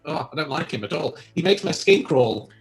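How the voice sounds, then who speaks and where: A man's voice: on the high side, lively intonation, brisk, creaky, music in the background. Chatty man musing on films. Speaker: podcast co-host. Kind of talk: casual film discussion.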